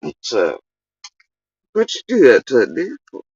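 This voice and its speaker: A woman's voice: very deep voice, wildly swooping pitch, normal speed, darkish tone, husky, dry recording, highs cut off. A woman telling a casual story on a livestream, rambling, laughing and swearing freely.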